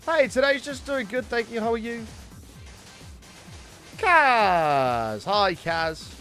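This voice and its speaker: A young man chatting casually with viewers while streaming a game, excitable and swearing freely. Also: very high-pitched, slow, soft background music. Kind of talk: casual live-stream chat.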